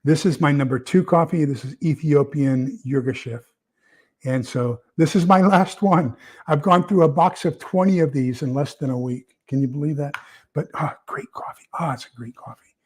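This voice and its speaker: A man's voice: on the high side, moderate pace, a little mellow. A man hosting a casual livestream, rambling with many fillers and repeated words as he reads viewer comments. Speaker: prepper channel host.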